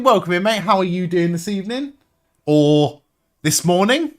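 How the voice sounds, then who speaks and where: A young man hosting a live wrestling watch-along stream, reacting excitedly, swearing freely and chatting with viewers. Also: high-pitched, a little slow, long pauses. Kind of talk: live reaction commentary and chat.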